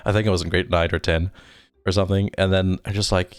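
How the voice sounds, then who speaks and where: A man's voice: low-pitched, flat delivery, fast talker, smooth, dry recording. A man from Germany, a native German speaker, chatting casually on a live stream, reading viewer comments aloud and rambling self-deprecatingly with frequent chuckles. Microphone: desk microphone.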